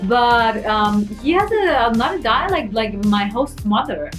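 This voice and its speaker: A woman's voice: a little high, sing-song, measured pace, music in the background. Young Austrian woman chatting, laughing easily. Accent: Austrian German. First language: German. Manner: laughs easily, many hesitant fillers. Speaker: interview guest. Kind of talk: casual interview chat.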